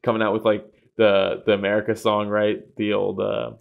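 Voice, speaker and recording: Animated, laughing male podcast co-host. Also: fairly low pitch, normal speed, gravelly, phone-quality sound. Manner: animated storytelling, laughing and swearing often. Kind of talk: casual sports podcast chat.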